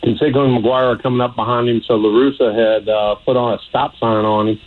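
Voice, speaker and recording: A man, a former ballplayer, telling an animated story in an archived interview clip. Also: medium pitch, brisk, narrow, tinny audio. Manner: animated, acts out voices in his story. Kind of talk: storytelling anecdote.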